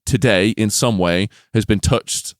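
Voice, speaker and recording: Sweary, animated podcast host. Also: male voice, lowish voice, a little slow, no room sound, clean studio sound. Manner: animated, sweary mock-ranting. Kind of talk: casual podcast chat.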